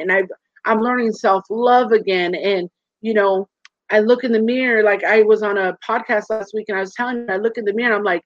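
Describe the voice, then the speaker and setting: A woman's voice: mid-range voice, fairly quick, no echo. Earnest woman on a muffled call. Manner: earnest and animated, acting out quoted voices. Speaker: guest. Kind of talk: candid personal interview. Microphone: video call. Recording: dull muffled lo-fi sound.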